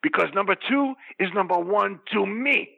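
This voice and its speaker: Man putting on a raspy wrestler persona, high-pitched, gravelly, boastful promo rant. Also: expressive, normal speed, phone-quality sound, full character voice. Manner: bellowing promo-style rant, threatening and grandiose. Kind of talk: comedic wrestling promo parody.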